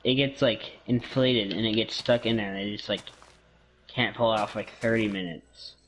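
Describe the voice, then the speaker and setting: A man from Canada with a lowish voice chats casually while gaming. He jokes, teases and rambles through his stories. A faint hiss sits under the recording. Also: steady tone, normal speed, a bit bright, low-quality recording. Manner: joking, teasing, rambling.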